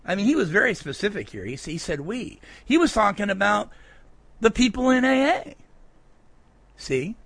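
Emphatic male speaker, high-pitched and very animated, reads quotes and eggs the crowd on; dry close recording. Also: normal speed, gravelly, long pauses, no room sound. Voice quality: animated, emphatic, rhetorical asides. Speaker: speaker at a recovery meeting. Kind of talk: emphatic talk reading quotes aloud.

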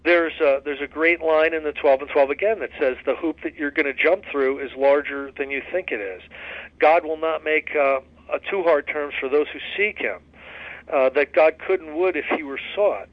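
An earnest man leads a study discussion, folksy and unhurried, with plenty of restarts. His voice sits slightly high. The sound is dull and dry, as if it came over a phone line. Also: no room sound. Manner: earnest, folksy storyteller with many restarts and fillers. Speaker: recovery study leader. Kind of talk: casual spoken study discussion.

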